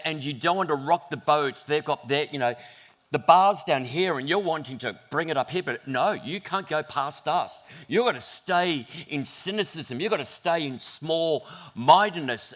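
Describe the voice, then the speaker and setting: A middle-aged man, a pastor preaching a sermon in church, telling stories in an animated, self-deprecating way. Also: on the high side.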